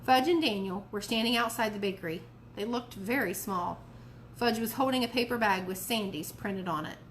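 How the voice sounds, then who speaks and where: A woman reading a children's novel aloud for a library storytime, clear and expressive. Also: mid-range voice, normal speed, a little hiss or hum.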